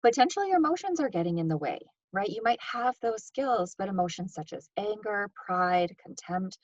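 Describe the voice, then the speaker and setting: A woman's voice: medium pitch, animated, normal speed, no echo. A woman co-presenting an educational session, guiding listeners through examples. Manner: guiding, reads example sentences with changing stress. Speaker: workshop co-presenter. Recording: dull, dry lo-fi mic.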